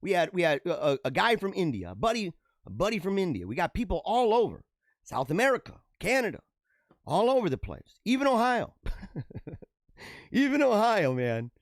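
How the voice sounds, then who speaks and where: A man hosting a casual livestream show, reading out viewer comments and chatting back in an animated way on a radio-style mic. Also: moderate pace, long pauses, no echo, clean studio sound. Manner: animated, talks with feeling, drops pitch low for asides. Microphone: radio-style studio mic.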